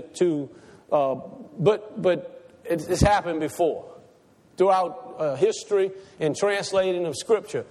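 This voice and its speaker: A man preaching a sermon to a congregation, asking them questions and repeating his points for emphasis. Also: very high voice. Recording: reverberant church hall.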